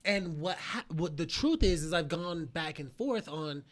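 Young guy hosting a podcast over drinks, repeats himself a lot, swears, kinda high voice. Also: expressive, a little slow. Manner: stammering, repeats words, swears often. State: drinking alcohol. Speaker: podcast host. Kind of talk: drinking casual chat.

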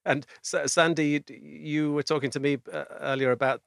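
A man's voice: on the high side, fairly even intonation, normal speed, vocal fry, no room sound, studio quality. A British man hosting a casual chat, talking with frequent restarts and laughs. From Britain. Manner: chatty, repeats words while thinking, laughs often. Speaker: podcast host.

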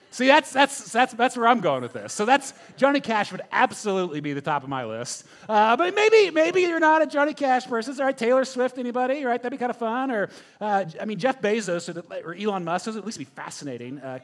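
A man preaching a sermon, telling a story with animated questions to the congregation. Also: high voice. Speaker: pastor.

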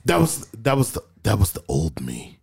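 A man's voice: fairly low pitch, normal speed, slightly rough. A man in casual group chat, telling profane stories and acting out quotes. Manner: profane, animated storytelling with acted-out quotes.

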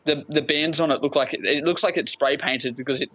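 An Australian man, a podcast guest, chatting in a relaxed, easygoing way. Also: on the high side, fairly quick, dull audio. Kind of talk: casual chat.

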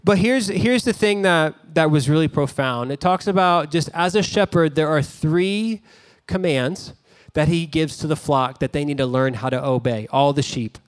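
A pastor delivers his sermon in a relaxed, conversational way, stopping for small asides as he tells a story. His speaking voice is a man's voice that sits somewhat high. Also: moderate pace, smooth.

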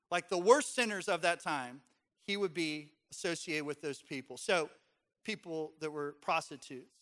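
Bright-voiced joking pastor. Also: male voice, high-pitched. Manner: conversational, joking with the congregation. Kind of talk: sermon. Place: church sanctuary.

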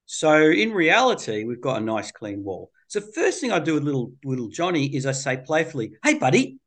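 Middle-aged male therapist, colloquial, playful, animated storyteller. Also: medium pitch, a little fast. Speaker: child therapist. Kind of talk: interview storytelling.

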